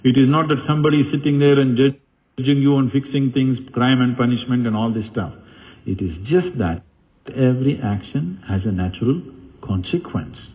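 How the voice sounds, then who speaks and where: A man's voice: mid-range voice, moderate pace, darkish tone, highs cut off. A man giving a spiritual talk, telling stories with animation and asking the audience questions. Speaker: spiritual teacher. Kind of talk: spiritual discourse with storytelling.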